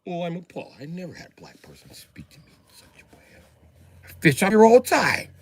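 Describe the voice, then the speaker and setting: A male comedian voicing a prim, easily offended fisherman who speaks in a hushed, affronted way. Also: high-pitched, lively intonation, fast talker. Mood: appalled.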